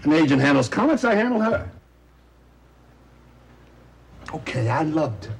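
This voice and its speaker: A loud bitter talent agent. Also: male voice, fairly high pitch, very animated, fast talker, creaky, husky, exaggerated voice. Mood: regretful. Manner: loud, wisecracking, sour and self-pitying. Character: loud bitter talent agent, man, middle-aged, self-pitying. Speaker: theatrical agent. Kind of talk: 1970s television drama acting.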